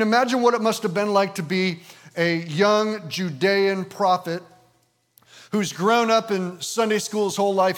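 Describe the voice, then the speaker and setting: A man in his fifties, a pastor, preaching a conversational sermon with frequent "and, uh" fillers, slowing down to read scripture. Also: high-pitched, fairly bright tone. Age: 50s. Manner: slows and lifts his voice when reading scripture. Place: visiting church service in the evening.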